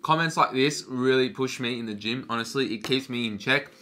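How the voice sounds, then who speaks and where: Talking fairly quickly in a mid-range voice that sounds pushed and bright, a young adult man does a laid-back Q&A vlog about fashion. Slangy and freely profane, he chats between mouthfuls of cereal, recorded on a camera mic.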